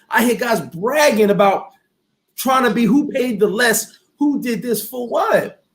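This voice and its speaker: A man hosting a casual talk show, speaking in a lively, preachy motivational way. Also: extremely high pitch. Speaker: host. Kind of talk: casual chat.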